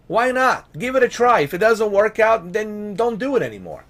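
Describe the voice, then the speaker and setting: Male vlogger, frustrated rant, a bit high-pitched, very lively swings, swears a lot. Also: moderate pace. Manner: exasperated, swearing, rhetorical questions; pleading and emphatic. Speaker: gaming vlogger. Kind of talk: ranting vlog commentary.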